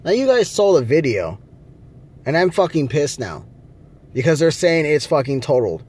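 A man's voice: a little high, sing-song, moderate pace, a little mellow, husky. A man vlogging from a rental car, ranting angrily with lots of swearing. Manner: angry, profane ranting. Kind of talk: casual vlog rant.

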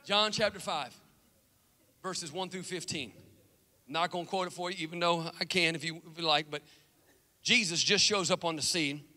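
A middle-aged man preaching a lively sermon, telling stories animatedly and acting out scenes. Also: on the high side, normal speed, long pauses. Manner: animated storytelling, acts out movie scenes. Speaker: pastor. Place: church sanctuary. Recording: long reverb of a large church hall.

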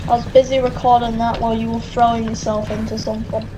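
A woman's voice: fairly high pitch, little pitch movement, fast, heavy background noise. A woman co-hosting a gameplay video, teasing and trash-talking her friend with playful laughs. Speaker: gaming video co-host. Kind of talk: casual gameplay chat.

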